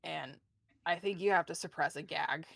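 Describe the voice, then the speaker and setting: A woman narrating as game master in a relaxed, casual way. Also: deep voice, normal speed, gravelly, dry recording, clean studio sound.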